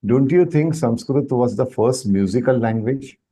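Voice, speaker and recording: Lively Indian man teaching online. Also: medium pitch, normal speed, husky. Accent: Indian English. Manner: explains with questions to students, mixes Hindi into English. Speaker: Sanskrit teacher. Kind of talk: online workshop lesson.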